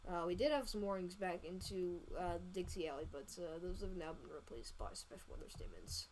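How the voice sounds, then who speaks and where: A woman hosting a live storm-tracking stream, talking casually over radar with many fillers and quick self-corrections. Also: lowish voice, expressive, darkish tone, a little hiss or hum, low-quality recording. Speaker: storm-tracking livestream host. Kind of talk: live weather radar commentary.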